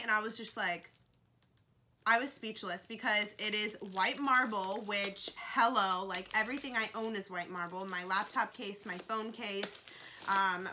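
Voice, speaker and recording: A woman vlogger in her twenties chats casually through an unboxing, gushing and emotional, and fills her speech with "like." Her mid-range voice sounds pushed and bright, with a little hiss or hum in the recording.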